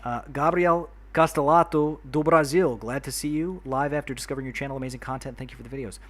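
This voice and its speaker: Dude from new york, chatty livestream host talking to chat, middle pitched voice. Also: male voice, steady tone, fast. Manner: chatty, friendly, greets and thanks viewers by name. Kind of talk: casual livestream chat while playing a city builder.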